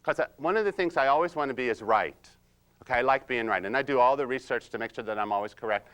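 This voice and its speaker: A man playing a quiet, precise, nerdy analyzer-type husband in comedic role-play, slow and hesitant with many ums and "you see?". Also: medium pitch, smooth, lightly acted. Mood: deadpan nerdy. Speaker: personality-styles trainer.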